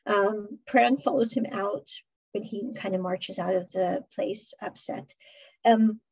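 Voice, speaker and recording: A woman hosts a podcast and recaps an episode in a loose, chatty ramble, laughing often as she goes. Her voice sits fairly high with a breathy, husky edge. The recording sounds muffled and lo-fi. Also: darkish tone. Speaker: podcast host.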